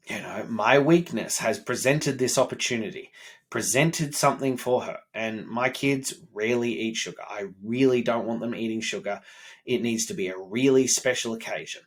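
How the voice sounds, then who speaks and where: Man, 30s; candid, profane self-improvement vlogger talking to camera. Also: fairly low pitch. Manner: blunt and profane, self-critical. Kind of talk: candid personal monologue.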